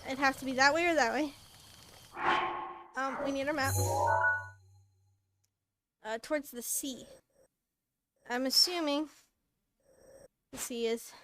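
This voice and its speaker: A woman's voice: high-pitched, a bit bright, slight background noise. A woman streaming a video game, chatting casually, narrating her moves and laughing often. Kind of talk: casual live gameplay commentary. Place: at home in a chair. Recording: game sounds with horse hooves behind. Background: video game audio.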